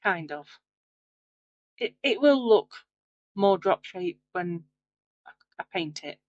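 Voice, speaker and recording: Slow-talking, low-voiced woman crafter. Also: lively intonation, dull audio. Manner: rambling, self-deprecating, chatty with fillers. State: tired, late at night. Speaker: craft video host. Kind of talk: casual voice-over crafting narration.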